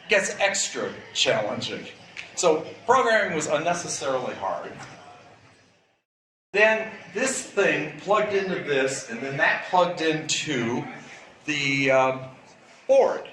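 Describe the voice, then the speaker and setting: An older man giving a live presentation in a chatty, wry, relaxed way. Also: fairly high pitch, slow pace, a little hiss or hum. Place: event room. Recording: echoey room with faint ambience.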